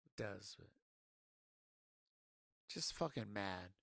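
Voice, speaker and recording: Drunk guy ranting on stream, gravelly voice, slow and swearing a lot, dry close sound. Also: on the low side, lively intonation, fairly bright tone, no room sound. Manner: angry, profane and halting. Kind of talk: ranting casual stream talk.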